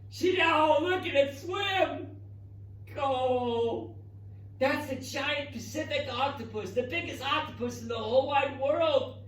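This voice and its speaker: A middle-aged man telling children a science story, calling each child by name and getting excited as he goes. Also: very high-pitched, takes it slowly, rough recording. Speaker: presenter talking to children. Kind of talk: storytelling science talk for kids.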